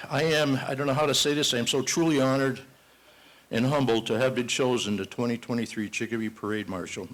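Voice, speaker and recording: A man's voice: medium pitch, rough recording. An older man from Massachusetts giving a parade marshal's acceptance speech at a banquet, telling a joke and chatting in folksy, self-deprecating asides. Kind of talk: ceremonial speech with a told joke. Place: banquet hall at a ball.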